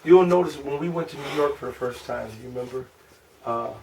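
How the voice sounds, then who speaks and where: A man's voice: medium pitch, creaky, darkish tone, far from the mic, low-quality recording. A man with a Chicago accent leads an informal group lesson, sounding out syllables one by one and checking with the class. He is picked up from across the room, with faint noise behind him. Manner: asks the group questions, repeats syllables slowly. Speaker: class teacher.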